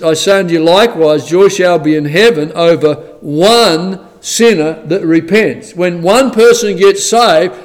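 A man preaching a conversational sermon, plain-spoken, who asks the listeners rhetorical questions and reads scripture in old-fashioned wording. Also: a little high.

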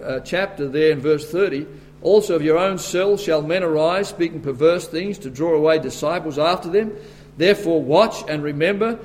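An Australian man delivers a sermon from the pulpit, his voice sitting high for a man. He reads scripture slowly, then climbs into loud, emphatic warnings before settling back to a plainer teaching tone. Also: slight background noise. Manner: emphatic, rising to forceful bursts. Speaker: preacher.

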